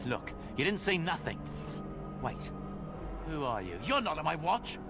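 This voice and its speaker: An actor voicing a suspicious castle guard in a video game, calling out an intruder. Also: male voice, fairly high pitch, sing-song, measured pace, creaky, heavily acted. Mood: alarmed. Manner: alarmed, barking. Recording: game audio from far off, music.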